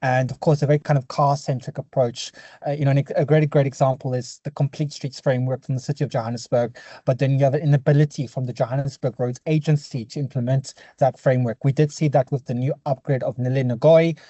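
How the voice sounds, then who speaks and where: A man's voice: medium pitch, fairly even intonation, mellow, no echo, lo-fi sound. A young man from South Africa with an Afrikaans accent, an urban planner giving an earnest webinar presentation over a video call. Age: young adult. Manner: earnest, quick, apologetic asides.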